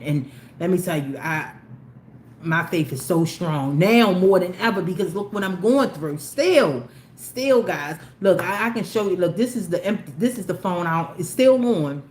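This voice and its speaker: On a YouTube live stream, this woman spins a long, meandering story for viewers, restarting again and again. Her voice is on the low side and a little mellow. Faint background noise and a roomy sound fill the recording.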